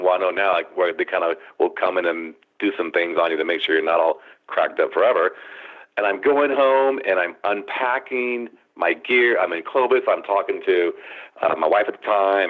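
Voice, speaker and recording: A man guest on a radio show, telling his story dramatically over the phone. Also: fairly low pitch. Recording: tinny phone line.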